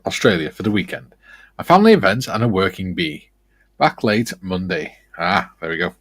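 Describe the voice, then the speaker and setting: A man's voice: sits low, big pitch swings, moderate pace, fairly bright tone, slightly rough, no echo. A man co-hosting a model-building stream, chatting casually and reading out viewer comments, laughing easily.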